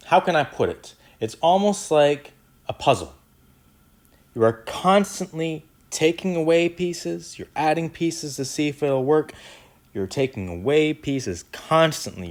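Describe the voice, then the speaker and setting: A man teaching a French grammar lesson in a casual, explanatory way, walking through each step and checking in often. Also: mid-range voice. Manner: lively, repeats "right?" and "easy enough", walks through steps.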